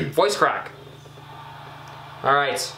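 A young man casually commenting on his own gameplay, chatty and excitable, scolding himself with frequent ums and uhs. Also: on the high side, very slow, creaky, reverberant, slight background noise. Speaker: gaming YouTuber.

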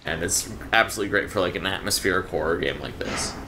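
A man's voice: deep voice, fast talker, background noise. A man hosting a let's play, chatting casually as he plays, laughing often and swearing now and then. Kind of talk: casual gameplay commentary.

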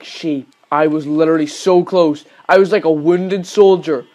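Cursing young man yelling at a game. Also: a little high, steady tone, normal speed, hardly any pauses. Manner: swears constantly, yells at the game in frustration. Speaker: gaming channel host. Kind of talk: gameplay commentary.

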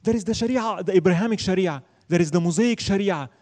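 A man with a high-pitched voice and darkish tone teaches an Islamic studies class. He lectures emphatically, poses and answers his own questions, and recites Arabic verses quickly.

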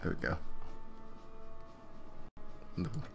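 A man playing a video game, commenting casually, swearing and laughing often, swinging between loud outbursts and quiet mutters. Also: takes it slowly, music in the background. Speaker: gaming host.

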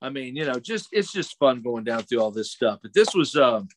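A man's voice: mid-range voice, normal speed, slight background noise. A middle-aged man from Missouri, a voice actor telling stories in a casual interview and acting out other people's voices as he goes. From Missouri, USA. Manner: animated storyteller, acts out other people's voices.

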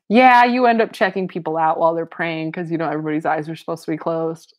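Lower-voiced woman reading with chatty asides. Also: fast, hardly any pauses. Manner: animated, laughs often, chatty asides. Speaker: reader and commentator. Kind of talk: reading a novel aloud with casual commentary.

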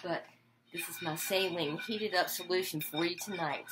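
An older woman with a fairly low voice rants profanely and defiantly at normal speed while cooking in her home kitchen for her video. Nobody is behind the camera, which records on its own, and the audio is very noisy.

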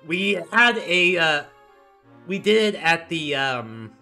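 A man's voice: fairly high pitch, lively intonation, slow, bright, forceful tone, faint music behind. A man streaming a game, making giggly, playful asides. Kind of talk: casual game commentary.

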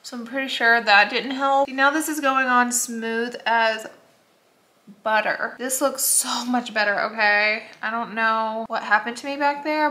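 A woman's voice: fairly high pitch, sharp tone. A woman in her thirties chatting candidly through her makeup routine in a casual vlog, with lots of "like", talking to the camera at home. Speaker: beauty vlogger. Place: home, getting ready at a mirror.

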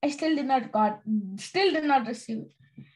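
A woman's voice: sits high, lively intonation, normal speed, rough recording. A young girl from India leading a children's Bible study, telling a personal story earnestly with many fillers and "okay?" checks. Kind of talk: sermon-like testimony.

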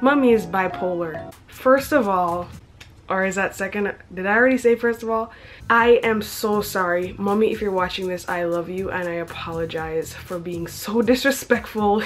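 A woman's voice: medium pitch, moderate pace, soft background music. Giggly young woman reading her old diary. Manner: chatty, giggles often, self-mocking asides. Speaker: vlogger.

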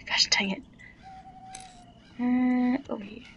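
A woman's voice: mid-range voice, animated, normal speed, creaky, long pauses, fairly bright tone. A young woman giving casual commentary while playing a game, blurting swears and gasps and dropping into whispered asides. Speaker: gamer playing a game on video. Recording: dull lo-fi recording with faint noise.

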